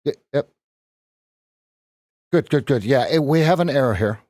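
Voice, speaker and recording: A man's voice: medium pitch, animated, moderate pace, a little mellow, no room sound. A man coaching viewers through live trades on a stream, loose and joking, talking straight to his chat on a close mic. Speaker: trading coach. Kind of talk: live-stream trading commentary.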